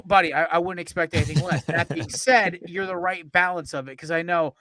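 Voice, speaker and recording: A man hosts a casual sports podcast, speaking on the higher side for a man with a bright, forceful tone. He tells stories excitably and swears freely, piling on asides, and his voice sounds dry and close. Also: a little fast, no echo. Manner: excitable, profane storyteller with frequent asides. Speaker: podcast host.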